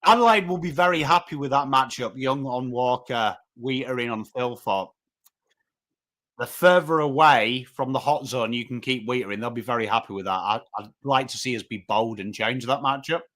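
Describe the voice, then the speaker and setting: A man with an English accent hosting a live footy watchalong, mixing game commentary and cheering with quick replies to viewers in chat. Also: mid-range voice. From England. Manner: animated, jumps between cheering the team and greeting viewers. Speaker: livestream host.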